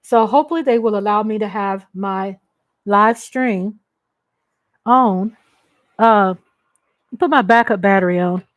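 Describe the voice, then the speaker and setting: A woman's voice: mid-range voice, measured pace, long pauses. A woman from Texas, hosting a casual livestream, talking emotionally and ranting straight to her viewers. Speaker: livestream host. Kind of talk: casual live-stream chat.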